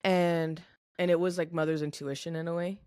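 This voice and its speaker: A young adult woman, a guest on a podcast, tells a personal story candidly and earnestly, leaning heavily on "like" and other fillers as emotion comes through. Her voice sits on the low side, brisk, smooth and darkish with a level tone. The sound is studio quality with no echo.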